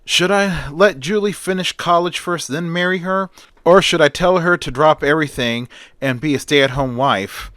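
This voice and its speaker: A man's voice: on the high side, moderate pace, fairly bright tone, dry recording, voice pushed up, close to an everyday voice. Earnest eager young man as a storyteller puts him on, dry close sound. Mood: pondering. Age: young adult.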